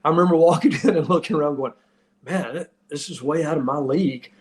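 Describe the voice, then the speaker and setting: A man's voice: fairly high pitch, fast. A man in his fifties, a podcast host and former wrestler, telling stories in casual chat with frequent laughs. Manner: animated storyteller, laughs often.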